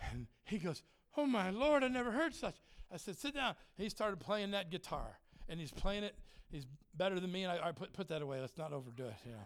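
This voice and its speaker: High-voiced, jokey man preaching. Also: a little fast. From Germany. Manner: jokey, animated, laughs a lot, acts out voices. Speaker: traveling preacher and worship leader. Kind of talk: humorous sermon storytelling.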